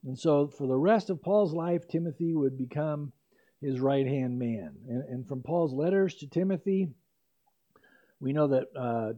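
An older man preaching an expository sermon as pastor, in a conversational way with asides and self-corrections. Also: on the high side. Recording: dull lo-fi recording.

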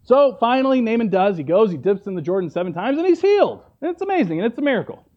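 A man's voice: extremely high pitch, sing-song, fast, dull audio. A man preaching a sermon, retelling a story in a conversational way and often checking in with "right?".

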